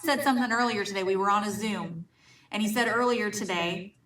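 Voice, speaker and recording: A woman giving motivational sales coaching in an energetic, emphatic way, telling listeners what to do. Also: medium pitch, a little fast. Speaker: network marketing sales trainer.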